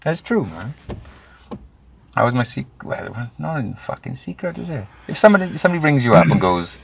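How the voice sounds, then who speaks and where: A man, telling his own story candidly in an interview, animated and swearing freely. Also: mid-range voice, brisk, vocal fry, a little hiss or hum. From Wales. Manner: animated, swears freely, acts out quoted voices. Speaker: guest.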